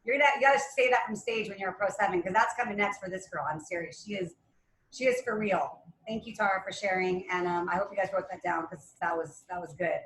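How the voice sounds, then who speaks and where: A woman's voice: mid-range voice, fast, echoey room, slight background noise, low-quality recording. A woman leading a team call, chatty and full of praise for her team. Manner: warm praise, chatty with fillers. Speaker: call leader.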